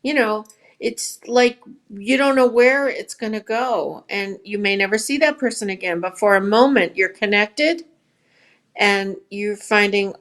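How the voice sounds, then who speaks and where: A woman's voice: mid-range voice, a little slow, fairly bright tone. A woman who runs a yarn shop, talking as a guest in a casual podcast conversation and telling stories earnestly. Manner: earnest, storytelling.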